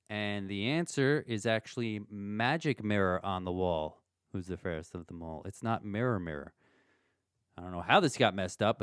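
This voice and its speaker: A man hosts a memory quiz on his podcast, playful and prone to comic rants. His smooth, clear voice swoops up and down with lots of lively pitch. The sound is close and dry, with no room around it. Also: no room sound. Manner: animated, playful, ranting asides. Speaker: podcast host. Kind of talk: hosting a trivia game.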